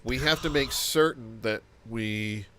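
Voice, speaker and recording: A man with an average-pitched voice co-hosts a casual political podcast. He talks in a measured, dry way. Faint background noise sits under his voice. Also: fairly bright tone. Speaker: podcast co-host.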